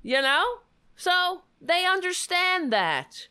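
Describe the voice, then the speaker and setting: Fiery, animated woman political commentator. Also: extremely high pitch, slow pace. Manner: indignant, sarcastic, swears freely. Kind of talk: heated political commentary monologue.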